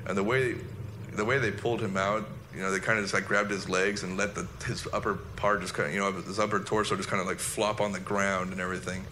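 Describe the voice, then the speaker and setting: A man, a former soldier recounting an incident in a halting, reflective personal monologue. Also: low voice, level tone, sharp tone, slight background noise.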